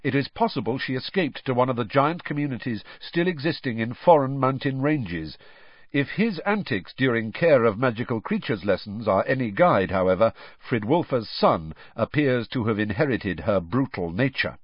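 Expressive husky male audiobook narrator. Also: medium pitch, moderate pace, no echo. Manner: expressive, dramatic. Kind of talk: storybook narration. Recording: dry, slightly dull studio audio.

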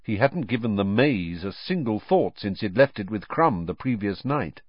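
A man narrates an audiobook in a low, lively voice, shifting expressively through the story. The recording is dry and slightly dull. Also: normal speed, breathy edge, no room sound.

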